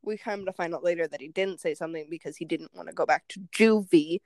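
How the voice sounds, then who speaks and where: A woman's voice: on the low side, fast talker, no room sound. Young woman telling a story, swearing. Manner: animated, swearing, acts out quotes. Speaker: podcast co-host. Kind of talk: casual storytelling chat.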